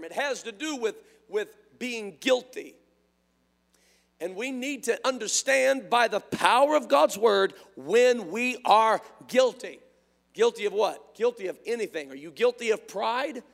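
A man preaching an impassioned sermon, swinging between hushed tones and shouts, his voice strained. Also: sits high, big pitch swings, unhurried, creaky. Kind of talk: revival sermon. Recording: reverberant hall sound.

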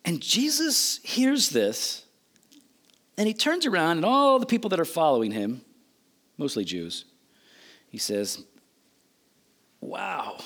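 Animated preacher, high lively voice. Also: male voice, unhurried, long pauses. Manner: animated storytelling, voices quotes, sudden loud and soft swings. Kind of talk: sermon.

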